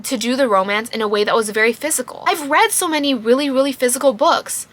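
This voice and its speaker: Bright, expressive woman reviewing a book. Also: fairly high pitch. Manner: expressive, emphatic, quick to laugh at the book. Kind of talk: casual book review vlog.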